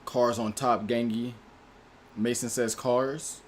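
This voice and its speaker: A man's voice: mid-range voice, little pitch movement, takes it slowly, a little hiss or hum. A man hosting a casual livestream, reading out viewers' names and chatting in about their movie picks. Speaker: livestream host.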